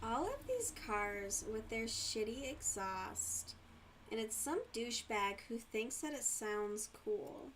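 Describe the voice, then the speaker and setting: A woman's voice: on the high side, big pitch swings, slow pace, fairly bright tone, a little hiss or hum. A woman hosting a livestream and chatting casually while she crochets, laughing often and swearing freely. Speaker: livestream host.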